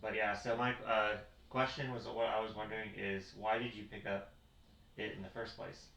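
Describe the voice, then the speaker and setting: A man speaks as a guest in a casual manga chat, measured and hesitant, often pausing on ums. His voice is low but bright and forceful in tone. He is picked up from across a roomy bedroom over a faint background hum. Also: level tone, creaky, recorded from a distance.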